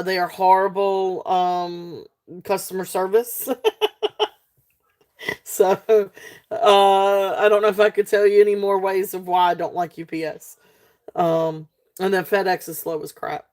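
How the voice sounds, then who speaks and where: Unhurried Southern woman hosting a live sale. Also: on the low side, darkish tone. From South Central Virginia, USA. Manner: chatty, many fillers, thanks viewers by name. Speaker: live sale host selling jewelry. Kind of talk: casual live-stream sales talk.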